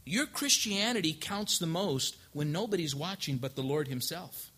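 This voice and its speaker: A male pastor preaching a lively sermon, acting out the couples he counsels and rising to loud emphasis. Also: a little high, normal speed, breathy edge.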